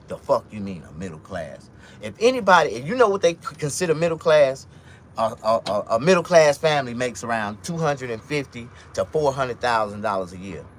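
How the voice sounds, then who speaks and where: A man's voice: medium pitch, a little hiss or hum. A man delivering a blunt, profane, casual monologue rant as a vlogger, telling stories along the way.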